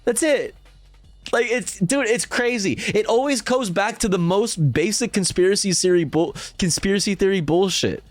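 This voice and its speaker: A man's voice: high-pitched, normal speed, no echo, faint music behind. A man streaming a casual reaction, telling a rambling story full of swearing and laughter.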